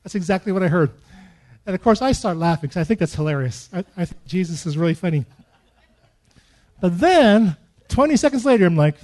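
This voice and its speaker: A middle-aged man preaching a sermon, telling stories and acting out his own prayers with lively, animated delivery. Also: high-pitched, brisk, pauses often. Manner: animated storytelling with acted-out prayers. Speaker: pastor.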